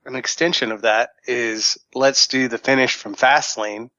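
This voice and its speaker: A man's voice: medium pitch, steady tone, unhurried, sharp tone, no room sound, dull audio. A man giving sardonic, matter-of-fact commentary in a casual podcast chat. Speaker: podcast guest.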